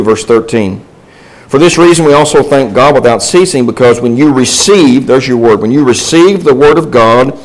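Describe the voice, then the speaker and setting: Male Bible class teacher, mid-pitched voice, conversational delivery built on questions to the class. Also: poor audio. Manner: asks the class questions and answers them himself; conversational, with restarts and asides.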